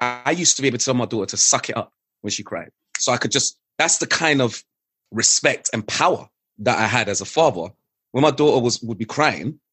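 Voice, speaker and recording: A man, a father, speaking as an interview guest in earnest, lively, reflective conversation. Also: medium pitch, slightly rough, no room sound.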